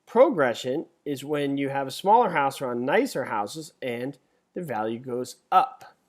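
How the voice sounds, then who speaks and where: A middle-aged man teaching a live webinar as an exam instructor, chatty and joking, reading multiple-choice questions out slowly. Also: mid-range voice, expressive. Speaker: real estate exam instructor.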